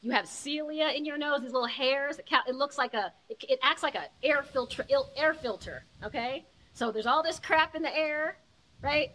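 A woman guides a group through breathing exercises in a live workshop, slightly high in pitch. She talks in a loose, friendly, encouraging way and counts each breath aloud. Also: moderate pace, bright, forceful tone. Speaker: breathwork instructor.

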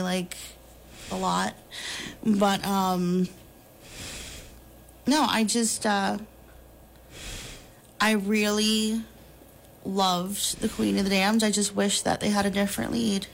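A woman in her thirties co-hosting a podcast, talking in a loose, rambling, animated way with plenty of fillers and laughs. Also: medium pitch, vocal fry. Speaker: podcast co-host. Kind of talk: casual chat.

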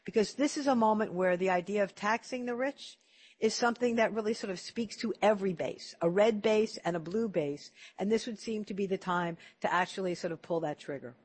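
A man's voice: high-pitched, brisk, slightly rough. A man hosting an interview, chatty and telling stories, often repeating words as he starts a sentence. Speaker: interview host. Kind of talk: casual storytelling interview.

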